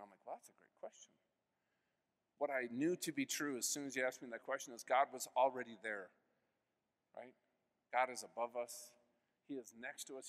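A man in his fifties giving an earnest personal faith testimony as keynote speaker, telling his story with sudden swings between hushed and loud. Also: medium pitch. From United States. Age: 50s. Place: large convention hall. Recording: long hall reverb.

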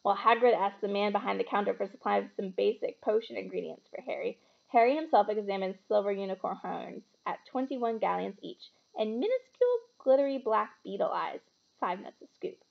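A woman reading a novel aloud with expressive storytelling. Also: medium pitch, fairly quick, gravelly, dull audio. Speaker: reader.

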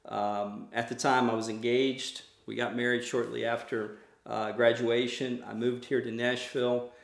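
An earnest man with a gravelly edge shares his testimony as a missionary on a podcast, sometimes restarting his sentences mid-thought. He is recorded in an echoey room. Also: mid-range voice, little pitch movement, measured pace. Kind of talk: testimony in a conversation.

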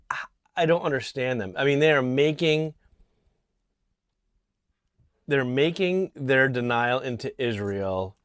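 A man from Connecticut giving an indignant political opinion monologue, halting and restarting often, clearing his throat from allergies. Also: mid-range voice, no echo, clean studio sound. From Connecticut, USA. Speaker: political vlogger. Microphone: small camera mic.

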